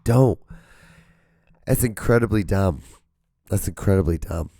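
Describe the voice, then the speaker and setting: A hoarse young man with a sore voice, rambling casually on his solo podcast, full of fillers and a slight upspeak. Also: deep voice, normal speed, dark tone, no echo, clean studio sound. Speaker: podcast host. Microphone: camera mic, solo filming.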